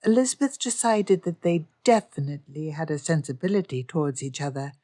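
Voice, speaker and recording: A woman narrates a Regency-style romance audiobook. Her storytelling is even and measured. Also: low voice. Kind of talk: scripted narration.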